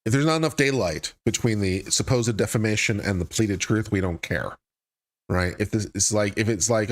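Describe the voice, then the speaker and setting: A man with a lowish voice speaks at normal speed, hosting a legal commentary live stream. He works through a court filing out loud and stops now and then for dry sarcasm.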